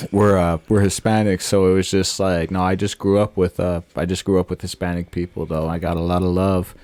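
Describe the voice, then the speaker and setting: A man's voice: low voice, little pitch movement, a little fast, darkish tone. A young man from northern Illinois, a podcast co-host chatting casually, rambling and repeating himself with lots of fillers. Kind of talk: casual chat.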